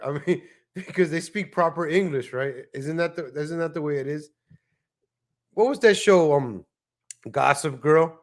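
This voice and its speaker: A man's voice: a little high, normal speed. A man hosting a casual livestream, chatting and joking in rambling asides. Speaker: livestream host. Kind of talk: casual live-stream commentary.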